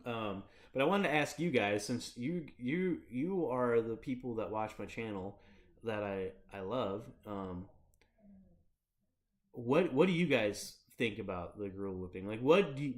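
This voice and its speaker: A man of middle pitch, neither high nor low, hosting a relaxed livestream. He rambles with loose, laid-back chatter, swears casually and keeps breaking into laughter. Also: a little slow. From Michigan. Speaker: streamer.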